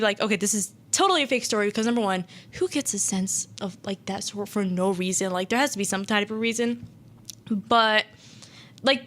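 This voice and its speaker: Chatty young woman, bright voice. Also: a little high. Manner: rambling, many "like"s and restarts, acts out quotes. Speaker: radio show host. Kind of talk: casual retelling of a horror story.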